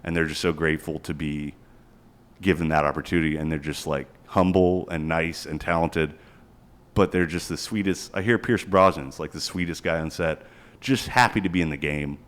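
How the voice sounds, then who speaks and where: A man's voice: extremely low pitch, fairly even intonation, normal speed, a bit bright. A man in his forties, a podcast co-host, ranting profanely in casual chat and slipping into quoted voices. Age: 40s.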